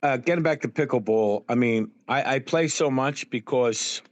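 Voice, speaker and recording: Animated male storyteller, dry close sound. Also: mid-range voice, moderate pace, no echo. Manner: animated storyteller, full of "you know" and acted-out quotes. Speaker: guest. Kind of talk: anecdotal interview chat.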